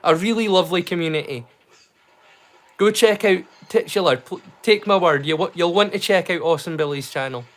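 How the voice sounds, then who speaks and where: A Scottish man rambles through a casual livestream from his home, restarting sentences as he goes. His voice sits a bit higher than most men's. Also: a little fast. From Scotland. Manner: chatty, rambling with restarts and Scots slang. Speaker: livestream host. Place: home in rural Scotland.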